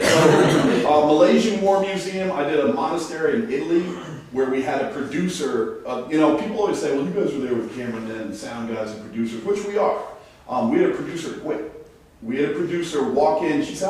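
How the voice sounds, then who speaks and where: A man's voice: a little high, animated, brisk, a little mellow. A man hosting a ghost hunt, briefing a live group in a casual, joking, self-mocking way. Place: large echoey stone building indoors. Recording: echoey hall, voice from far off, faint noise.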